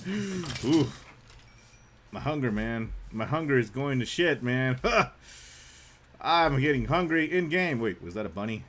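Young male streamer, casual gameplay chatter, animated pitch, bright tone, drops "man" constantly. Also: slight background noise. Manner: laid-back, says "man" a lot, bursts into loud yelps.

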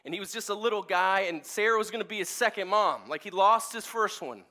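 Male pastor, 40s, high-pitched, casual storytelling sermon. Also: fairly quick. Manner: casual, animated, many fillers and restarts. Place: church service.

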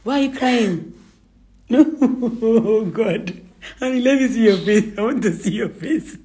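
A woman's voice: a little high, animated, a little slow, mellow. A woman at home, coaxing and insistent, often laughing as she talks. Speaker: employer. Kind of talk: casual conversation. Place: home indoors.

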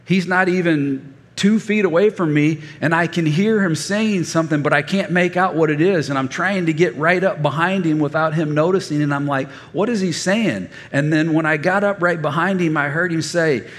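Folksy stammering pastor in a reverberant hall. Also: male voice, a little high, moderate pace. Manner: folksy, animated, frequent stammered restarts. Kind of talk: storytelling sermon. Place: church sanctuary.

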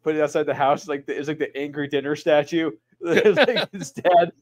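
A man's voice: fairly high pitch, a little fast, no room sound, studio quality. A man co-hosting a casual comics chat, telling stories with laughter. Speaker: co-host.

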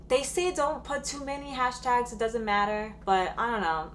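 A woman in her thirties telling a story in a casual home vlog, chatty and full of fillers, with sudden bursts of excitement. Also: on the high side, moderate pace, hardly any pauses, a little hiss or hum. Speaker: vlogger.

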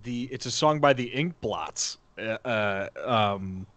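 Male player, bright and sharp tone, drawn-out slow delivery, jokey. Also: on the low side, expressive. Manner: playful and jokey. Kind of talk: casual pre-show chat.

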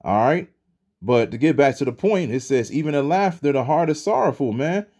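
A man's voice: medium pitch, lively intonation, normal speed, darkish tone. A man giving a loose, conversational religious talk, dropping "man" into nearly every sentence. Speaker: religious commentator. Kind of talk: casual preaching monologue.

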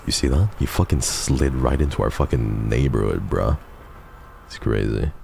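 A man with an extremely deep, gravelly voice streams a game live. His tone is dark and mellow, and he talks casually to chat, swearing freely and cracking jokes. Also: normal speed, slight background noise.

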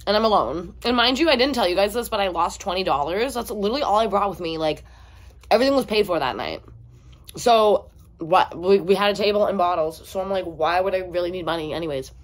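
Young woman, casual storytime vlog, filler-heavy, lively acted-out quotes, mid-pitched. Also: quick pace. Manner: chatty, heavy use of "like", acts out dialogue with a raised pitch. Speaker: vlogger. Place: indoors at home, eating on camera.

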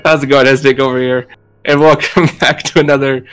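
A man's voice: mid-range voice, flat delivery, fairly quick, a bit bright, clear, resonant tone. A man co-hosting a gaming livestream, friendly and giggly, greeting viewers by name. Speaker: co-host streamer. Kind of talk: casual gaming livestream chat.

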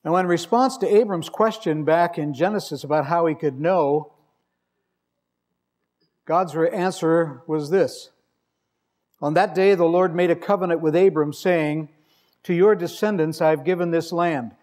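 A man's voice: on the high side, unhurried, darkish tone. A male preacher delivering a sermon, telling stories with dry humor and reading scripture with emphasis. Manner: wry, conversational storytelling with emphatic scripture reading.

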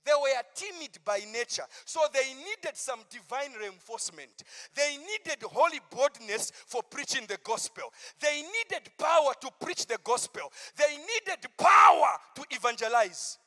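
In a large hall, a male pastor delivers a campmeeting sermon in an extremely high, sing-song voice. He shifts from hushed asides to shouted, drawn-out proclamations.

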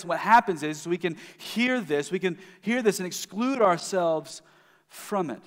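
A man's voice: high voice, expressive, a little slow. A man giving a sermon as the pastor, telling a story in a conversational way with frequent restarts. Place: church sanctuary. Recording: long hall reverb.

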